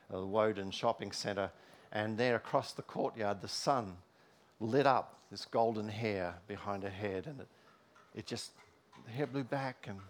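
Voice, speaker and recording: A middle-aged man preaching a sermon in a church, telling personal stories with many fillers and restarts. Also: medium pitch. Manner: storytelling, with frequent fillers and restarts.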